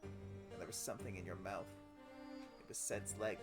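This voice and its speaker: A man streaming a game, reading a sad first-person story aloud with feeling and sudden loud cries. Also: deep voice, steady tone, moderate pace. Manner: emotive, with sudden loud outcries on names. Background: music.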